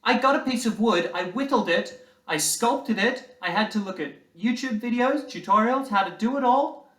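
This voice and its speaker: A man's voice: sits high, lively intonation, normal speed, a bit bright, pitched above the performer's own voice. A man voicing a whiny, indignant little boy, in a roomy hall. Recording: roomy hall, distant mic.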